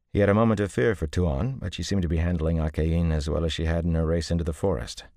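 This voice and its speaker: A man reading a fantasy novel aloud in steady, measured scripted narration. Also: very deep voice, no echo, studio quality. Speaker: audiobook narrator.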